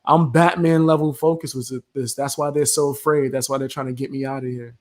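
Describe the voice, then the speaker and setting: A man's voice: mid-range voice, steady tone, fairly quick, darkish tone. A young man hosting a casual chat, talking in a laid-back, slangy and confident way. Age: young adult. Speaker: host.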